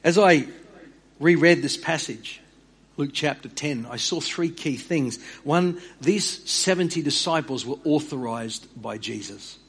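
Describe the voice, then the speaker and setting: A man's voice: unhurried, breathy edge. A man preaching a sermon as pastor. He speaks earnestly, often stammers on his opening words and repeats phrases for emphasis. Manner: drops low and quiet on key words.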